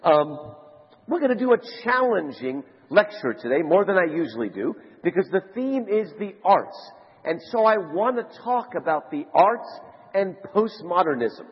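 A man giving a conference lecture to a live audience, telling stories in an animated way. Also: moderate pace, slightly rough. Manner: animated storyteller, rising to high excited shouts. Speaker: conference speaker. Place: large conference hall. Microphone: handheld mic. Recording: lo-fi hall recording with long reverb.

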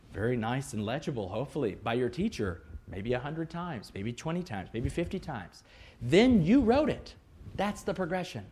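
A man, a music educator, giving a lively, joking conference presentation and acting out quoted voices. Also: on the high side, husky.

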